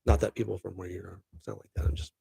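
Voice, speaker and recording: Middle-aged guy rambling on his live show, gravelly low voice, kinda husky, dry close mic. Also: flat delivery, fast, mellow, no echo. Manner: rambling, upbeat, chats with viewers. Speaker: podcast host. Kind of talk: casual live-stream chat.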